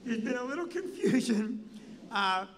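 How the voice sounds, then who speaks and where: A man's voice: very high voice, a little slow. An older man, a comedy club owner, telling a comic story and acting out the people in it. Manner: animated, does voices of people in his story. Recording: noisy live-stream audio.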